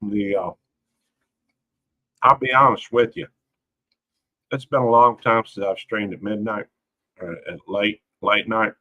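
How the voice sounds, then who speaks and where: A man's voice: fairly low pitch, steady tone, measured pace, pauses often, dull audio. A man hosting a casual late-night livestream, rambling in a folksy way and greeting viewers by name. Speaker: livestream host.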